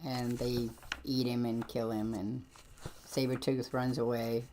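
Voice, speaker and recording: A woman's voice: extremely low pitch, level tone, unhurried, mellow, a little hiss or hum. A woman hosting a livestream, chatting casually and rambling as she jumps between points with lots of ums. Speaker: livestream host. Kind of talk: casual chat about comics.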